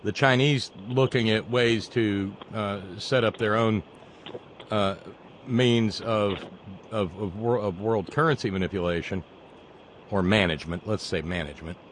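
A man hosting a casual talk show, cracking wry jokes and quick asides. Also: lowish voice, slight background noise. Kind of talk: casual chat.

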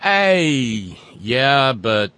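A man's voice: mid-range voice, big pitch swings, extremely slow, bright, forceful tone, smooth. A man hosting a radio chat in a folksy, joking way, often restarting his sentences. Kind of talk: casual radio conversation.

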